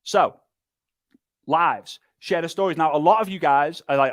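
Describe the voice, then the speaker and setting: An energetic man delivers a motivational business talk, pressing his points through repetition and quick impressions. His voice sits somewhat high for a man. The sound is dry and close. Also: no room sound. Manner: energetic, emphatic, lively, with repetition and mimicry. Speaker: speaker and business trainer.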